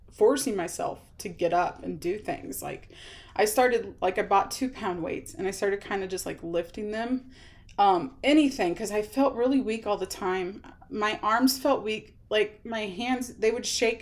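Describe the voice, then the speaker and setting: Woman in her thirties telling a personal story. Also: medium pitch. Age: 30s. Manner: rambling, halting, with many fillers and restarts. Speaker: vlogger sharing her illness story.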